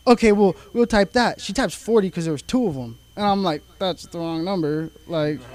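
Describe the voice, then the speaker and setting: A nineteen-year-old man tells a rambling stand-up story at an open mic, his voice sitting high for a guy. He talks loosely, packing in fillers and curses as he goes. The crowd's laughter breaks in now and then. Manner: casual storytelling, heavy filler and profanity. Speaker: stand-up comedian. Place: comedy club stage. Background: audience laughter.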